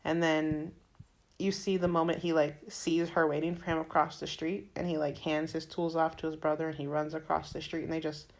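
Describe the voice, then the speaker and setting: A woman's voice: sits low, little pitch movement, a little fast, darkish tone. A woman with a Florida accent co-hosting a podcast, chatting casually and retelling film scenes with lots of "like" and "um". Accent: Floridian American. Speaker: podcast co-host. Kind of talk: casual chat.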